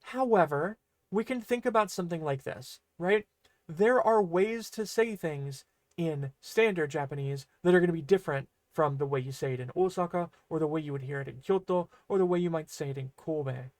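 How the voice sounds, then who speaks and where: Woman teacher, relaxed explainer type, talks loosely with fillers; dry close-miked read. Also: deep voice, moderate pace, dry recording. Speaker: language teacher. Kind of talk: casual video lesson.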